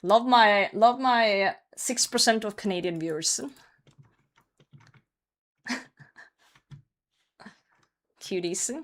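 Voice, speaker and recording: A woman's voice: mid-range voice, takes it slowly. A young woman streamer chatting casually with her chat while gaming, laughing often and swearing now and then. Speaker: live streamer.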